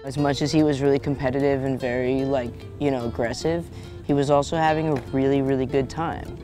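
A man's voice: mid-range voice, fairly even intonation, brisk, dark tone, soft background music. A man speaking thoughtfully in a laid-back way in a documentary interview.

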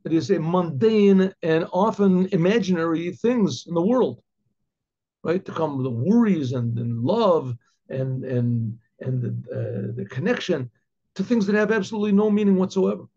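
A rabbi teaching a Chassidic text, reading short phrases and explaining each one, often restarting and clearing his throat. His voice is husky and mellow and sits a little high for a man. The recording is dull and lo-fi. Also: expressive, moderate pace. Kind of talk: Torah class, translating and explaining.

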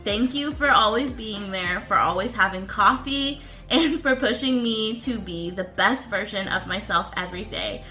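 A woman co-hosting a podcast, chatting and reading listener messages, sentimental and quick to laugh. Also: medium pitch, sharp tone, faint music behind. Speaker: podcast co-host.

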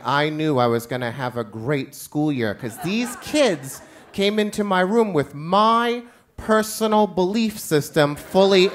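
A man's voice: on the high side, fairly bright tone, slight background noise. Wry man telling a comic stage story. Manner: wry, comic, self-mocking. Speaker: teacher telling a personal story. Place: live stage event.

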